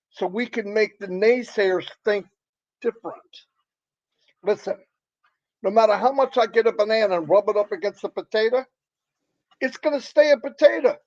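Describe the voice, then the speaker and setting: A middle-aged man giving an impassioned motivational talk, emphatic and excitable, often repeating himself. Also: very high-pitched, muffled recording. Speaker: motivational speaker.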